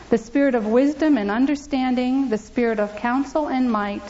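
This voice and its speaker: A woman's voice: a little high, darkish tone. A woman giving an earnest, emphatic church testimony, repeating scripture aloud, in a church. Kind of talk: testimony and preaching. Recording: dull lo-fi recording.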